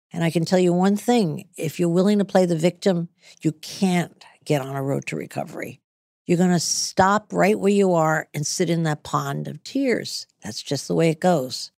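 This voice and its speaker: A woman's voice: fairly low pitch, moderate pace, creaky, darkish tone, no room sound, studio quality. A middle-aged woman hosting an advice show, blunt and emphatic as she coaches callers. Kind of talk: business advice talk.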